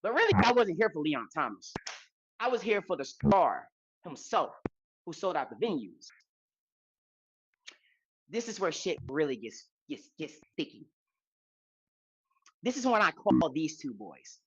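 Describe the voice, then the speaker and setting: A woman co-hosting a podcast, telling a story in a loose, animated way, repeating lines for emphasis and swearing freely. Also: low-pitched, unhurried, pauses often, highs cut off, a little hiss or hum. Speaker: podcast co-host. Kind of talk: casual storytelling chat.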